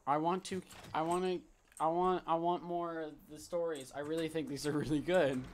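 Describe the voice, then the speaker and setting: A young man co-hosting a comedy podcast, chatting and joking in an excitable way that repeats itself. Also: on the high side, moderate pace, slight background noise. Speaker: podcast co-host. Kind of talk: casual banter.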